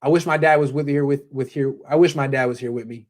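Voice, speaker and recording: A man hosting a casual live sports talk show, brisk, opinionated and jokey. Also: mid-range voice, fairly even intonation.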